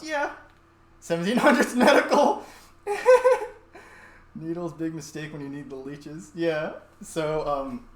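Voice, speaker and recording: A young man streaming while he cooks in his home kitchen, chatting casually in a rambling, profane way, picked up by a distant mic. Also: a little high. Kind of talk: casual cooking stream chat. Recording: echoey room, distant mic, faint noise.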